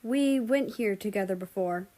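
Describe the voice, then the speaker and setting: A woman's voice: medium pitch, moderate pace, warm tone, close to an everyday voice. A woman voicing a playful young man who teases his family in an upbeat way.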